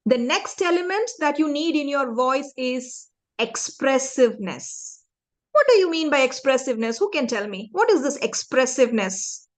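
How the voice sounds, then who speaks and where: A woman's voice: high voice, normal speed. A woman leading an interactive public speaking lesson for young students, asking the class questions and acting out her points. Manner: animated, demonstrative, asks the class questions.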